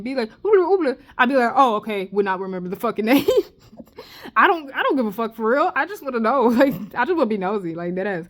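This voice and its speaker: A young adult woman telling a casual storytime vlog, gossiping in a profane, expressive way with slangy asides. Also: mid-range voice. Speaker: vlogger.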